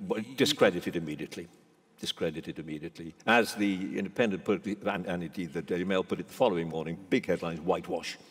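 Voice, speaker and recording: A man's voice: low-pitched, fast talker, hardly any pauses, husky. An older man, a veteran broadcaster and guest in a live on-stage conversation, speaking in a forthright, emphatic way and often restarting his sentences. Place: large event hall before an audience. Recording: long hall reverb.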